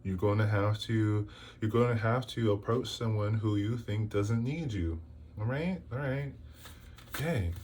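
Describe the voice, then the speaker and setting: A man's voice: lowish voice, unhurried, a little mellow, slight background noise. Exasperated man scolding through a tarot reading. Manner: exasperated, scolding, rhetorical questions. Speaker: tarot reader. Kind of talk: casual tarot reading to camera.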